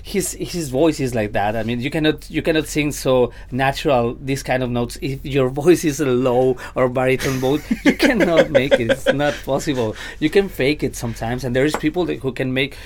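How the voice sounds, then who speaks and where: A man's voice: mid-range voice, normal speed, few pauses. A man working as a vocal coach who chats casually on a podcast, often repeating words and laughing easily, with slightly phrasing.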